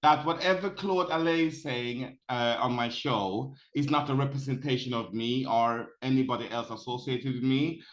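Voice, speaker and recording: A man hosting a relaxed talk show with guests. His voice sits in a middle pitch, and he talks in a playful, teasing, animated way. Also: highs cut off. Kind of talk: casual chat.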